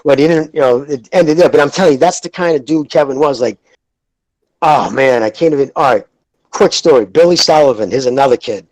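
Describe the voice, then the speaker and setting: A man, hosting a podcast and telling rambling, profane stories in a casual, animated way. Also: mid-range voice, fairly quick, dry recording, poor audio. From Lowell, Massachusetts. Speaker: podcast host. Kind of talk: casual chat, storytelling.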